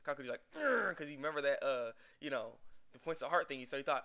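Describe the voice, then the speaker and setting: A man's voice: medium pitch, fast talker, a bit bright. A young man casually recapping an anime episode, rambling and acting out the characters' lines with laughs. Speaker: anime reviewer.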